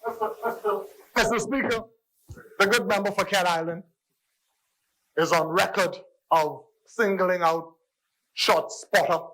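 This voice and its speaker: A man's voice: high-pitched, measured pace, pauses often, sharp tone, low-quality recording. A man with a Bahamian accent giving an emphatic parliamentary debate speech in a parliament chamber, repeating phrases for stress. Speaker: member of parliament.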